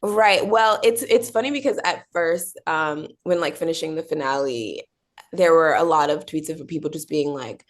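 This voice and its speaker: A woman's voice: deep voice, normal speed. A young woman answering interview questions in a bubbly, chatty way, with many fillers and acted-out quotes. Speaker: actor being interviewed.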